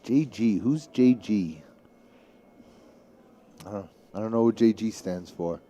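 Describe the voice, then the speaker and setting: A man's voice: lowish voice, takes it slowly, mellow. A man from Staten Island with a thick New York City accent, chatting and rambling as a guest commentator on live pool. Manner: chatty, rambling, with many restarts.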